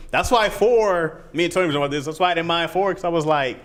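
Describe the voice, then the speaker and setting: A man co-hosting a podcast, giving blunt, animated opinions in casual chat and often quoting himself. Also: fairly high pitch, fast. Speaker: podcast co-host.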